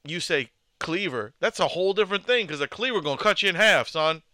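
A high, animated man from the States riffs and swears through podcast chatter. His voice is bright and smooth, and the sound is dry and close. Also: a little fast, dry recording. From United States. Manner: loud, profane, joking. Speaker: podcast co-host. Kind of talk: casual podcast banter.

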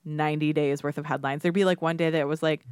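Woman, podcast co-host, lowish voice, chatty and rambling, dry close sound. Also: fairly even intonation, quick pace, darkish tone, clear, resonant tone, dry recording. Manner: chatty, rambling with many fillers. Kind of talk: casual podcast chat.

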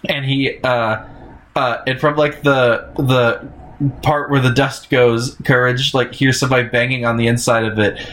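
Man, casual rambling recap, middle pitch. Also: little pitch movement, moderate pace, fairly bright tone. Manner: rambling, lots of fillers, laughs easily. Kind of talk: casual chat, episode recap.

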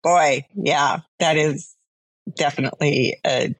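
A woman's voice: deep voice, takes it slowly. A woman co-hosting a podcast, prompting her partner with short questions and reactions in casual chat. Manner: brief reactions, listens and prompts. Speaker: podcast co-host.

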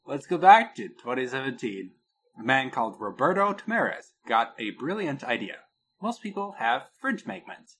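A man co-hosting a casual podcast, telling a product story with a lot of pitch movement and laughing at his own jokes. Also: very animated, moderate pace, a bit bright, slight background noise. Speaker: podcast co-host.

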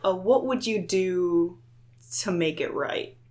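A woman playing a socially awkward young male adventurer who asks halting, hesitant questions. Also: lowish voice, expressive, darkish tone. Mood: insistent.

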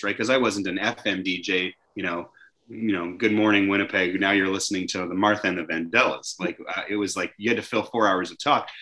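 A man from Canada hosting a talk show, chatting in a lively way with frequent restarts. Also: on the low side. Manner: animated, chatty, many restarts. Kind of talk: casual conversation.

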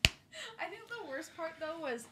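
A woman's voice: very high-pitched, sing-song, unhurried, crowd noise. A woman chatting casually on a stream, laughing as she adds her side of a story. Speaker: streamer's friend. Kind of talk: casual chat.

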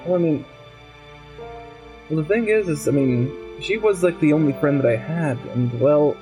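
A man playing a tabletop game, speaking in character in a halting way with many ums and restarts. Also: a little high, music in the background. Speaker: player. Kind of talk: in-character role-play.

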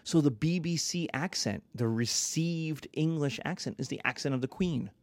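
A man lecturing on history in a lively, conversational way, sometimes acting out little voices. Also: on the high side, normal speed, no echo.

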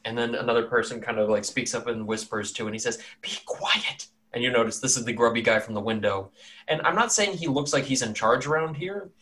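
A man's voice: medium pitch, quick pace, fairly bright tone. A man running a tabletop game as dungeon master. He narrates loosely and casually, rambling with plenty of fillers, in a mid-range voice.

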